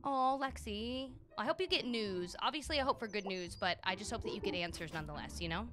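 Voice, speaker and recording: A woman live-streaming a game, chatting with viewers and playfully yelling at game characters. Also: mid-range voice, a little fast, slight background noise.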